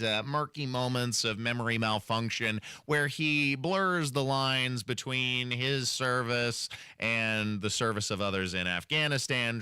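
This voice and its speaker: A man's voice: medium pitch, pushed and bright, clean tone, no room sound, clean studio sound. A man hosting a radio talk show, commenting with sarcasm and mockery. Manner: sarcastic, mocking. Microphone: studio microphone.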